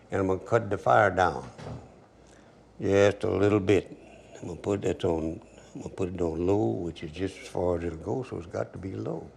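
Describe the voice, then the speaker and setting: Give me an older man with a deep gravelly drawl, chatting through a cooking demo. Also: slight background noise. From Louisiana. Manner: relaxed drawl, storytelling asides. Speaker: cooking show host. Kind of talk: folksy cooking demonstration.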